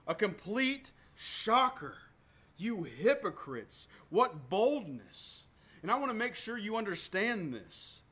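A man preaching a sermon as pastor, emphatic, with sharp swings between loud and soft, often repeating words for emphasis. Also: high-pitched, very animated, takes it slowly.

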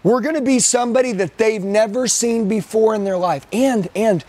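A man's voice: sits high, normal speed, darkish tone, no echo. A man coaching a room of sales trainees live. He talks intensely and emphatically, repeats his points, and often calls people "dude".

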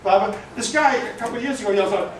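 A man's voice: high-pitched, fast talker, slight background noise. Brash, profane stand-up comic man. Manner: brash, profane, crowd-working. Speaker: stand-up comedian. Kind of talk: stand-up comedy set. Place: comedy club stage. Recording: roomy club, distant mic, loud crowd.

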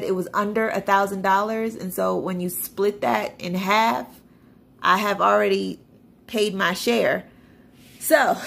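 A woman talks through her budget like she's catching up with friends, chatty and a little self-deprecating. Her voice carries a strong, gravelly fry at mid pitch. She reads numbers off a screen in a casual, unhurried flow. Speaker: budgeting vlogger. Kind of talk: casual budget walkthrough to camera.

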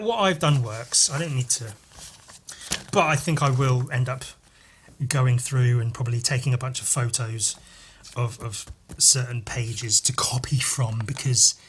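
A man hosting a podcast, over-caffeinated and chatting casually while flipping through comics. He rambles and swears, with jumpy, excited talk. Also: a little hiss or hum. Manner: wired, rambling and profane, jumping in pitch. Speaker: podcast host and comic artist.

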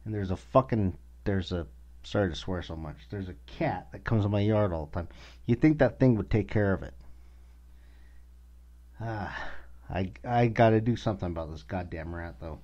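A man with a very low voice hosts a podcast and rants with anger, cursing in nearly every line. The audio sounds dull and lo-fi. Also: normal speed, a little mellow. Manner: angry, swears constantly. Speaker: podcast host. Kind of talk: casual profane rant.

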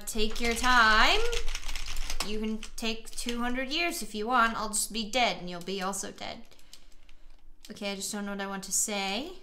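A young woman playing a chat game, reading messages aloud and swearing as she gets loud and exasperated. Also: a little high, slight background noise. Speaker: gaming streamer. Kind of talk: let's play commentary, reading chat aloud.

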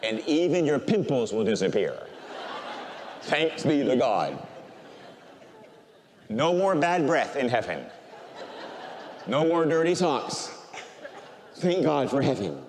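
An older male priest preaches in a church with a long, ringing reverb. His pitch leaps and falls with feeling, now raised in proclamation, now dropped low and hushed as he grows emotional. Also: sing-song, takes it slowly, long pauses, a little hiss or hum. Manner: emotional storytelling, swinging from loud preaching to quiet, near-tearful speech. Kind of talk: sermon.

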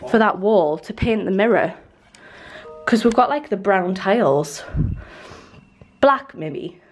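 A young woman in her twenties records a casual vlog as she moves around her half-unpacked house. She talks in a mid-pitched voice and rambles, filling pauses with "like" and small restarts. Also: lively intonation, soft background music. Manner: chatty and rambling, many "like" fillers. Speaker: lifestyle vlogger. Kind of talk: casual vlog chat to camera. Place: indoors in a newly moved-into house.

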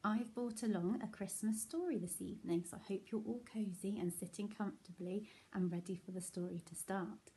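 A woman teacher reading a bedtime picture book to her class in a gentle, soothing way. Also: medium pitch, fairly even intonation, a little fast, few pauses, a little hiss or hum. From England.

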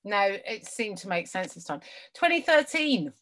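A woman's voice: mid-range voice, big pitch swings, moderate pace, fairly bright tone. Dry-witted woman quiz co-host. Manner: dry, bickering. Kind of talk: casual comic banter. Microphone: video call.

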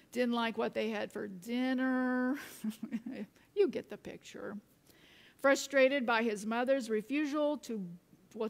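Woman pastor telling a sermon story, unhurried, chuckles now and then, voice ringing around the church. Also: a little high. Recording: reverberant church sanctuary.

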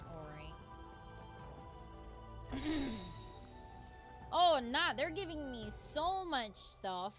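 A young woman streaming a video game, reacting with excited exclamations and groans as she plays. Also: sits high, extremely slow, long pauses. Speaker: gaming streamer. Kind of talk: live gameplay commentary. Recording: voice over loud game music.

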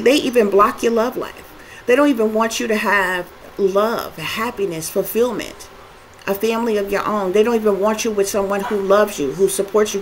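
A woman delivering a spiritual tarot reading straight to her viewers. Her voice sits at a middle pitch and she speaks emphatically, piling up long repetitive lists and swearing often. A faint background noise runs under her voice. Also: poor audio. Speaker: tarot reader.

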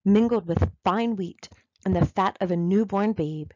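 A woman reading aloud, voicing the devil as a calm, persuasive older male traveler. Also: medium pitch, a little slow, dry recording, lo-fi sound, natural voice. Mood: sly.

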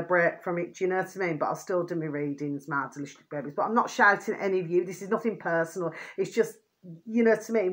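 A woman vlogger talking in a rambling, repetitive way to her viewers, often irritated and venting. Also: lowish voice. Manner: rambling, repeats pet phrases, asks "do you see what I mean". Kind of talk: rambling casual monologue to viewers.

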